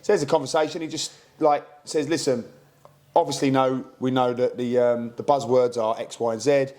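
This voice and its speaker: Fast-talking British man telling stories. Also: mid-range voice. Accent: British English. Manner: animated storytelling, acts out quoted exchanges. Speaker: podcast co-host, football manager. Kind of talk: casual chat.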